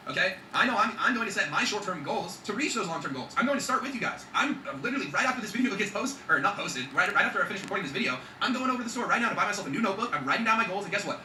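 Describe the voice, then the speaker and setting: A man's voice: high-pitched, sharp tone, echoey room, distant mic, slight background noise, poor audio. A man talking in an emphatic motivational vlog, swearing freely and checking in with his viewers. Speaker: vlogger.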